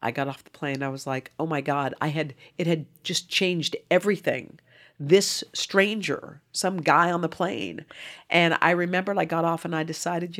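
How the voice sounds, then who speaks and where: A woman in her fifties, an interview guest telling a personal story in an earnest, animated way. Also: low-pitched, moderate pace. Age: 50s. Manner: earnest, animated, acts out dialogue.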